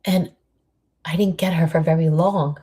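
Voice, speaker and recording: A woman shares a reflective motivational message. Her voice is low and mellow, with a husky grain, and she keeps it soft and intimate, often sinking almost to a whisper. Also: fairly even intonation, unhurried. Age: 50s. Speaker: host giving a monthly inspirational message.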